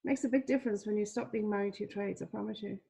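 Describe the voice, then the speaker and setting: A woman's voice: mid-range voice, fairly even intonation, fast, creaky, mellow, breathy edge. A woman teaching a trading lesson over a shared screen, chatty, repeating herself, with many fillers. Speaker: trading coach.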